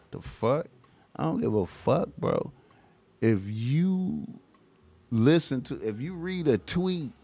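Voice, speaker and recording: A man's voice: medium pitch, vocal fry, a little mellow. A young man, ranting casually and profanely, repeating himself and tacking "man" onto his lines. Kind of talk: casual rant to camera.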